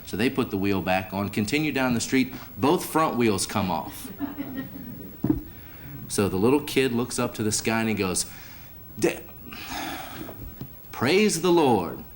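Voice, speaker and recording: A man with a lowish voice hosts a banquet from a podium microphone. He talks in a folksy, easygoing way, full of little fillers and restarts. Faint hiss sits under the recording. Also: normal speed. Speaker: master of ceremonies, sports director. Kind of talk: ceremony hosting with a told joke. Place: banquet hall.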